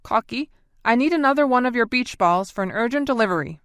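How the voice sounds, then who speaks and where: A woman reading the part of a male marine commander who gives clipped, crisp orders in an audiobook. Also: fairly high pitch, animated, fast, fairly bright tone, dry recording, clean studio sound, voice pushed up. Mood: brisk.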